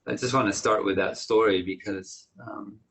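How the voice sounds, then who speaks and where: A man, a monastic teacher, giving a gentle, reflective dharma talk with many pauses and soft laughs. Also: lowish voice, steady tone, breathy edge, poor audio.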